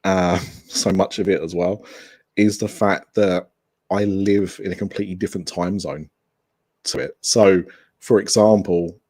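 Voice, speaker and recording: A man's voice: low voice, steady tone, unhurried, a little mellow. A man guesting on a podcast over a video call, talking enthusiastically in a rambling way with restarts. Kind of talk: casual remote interview chat.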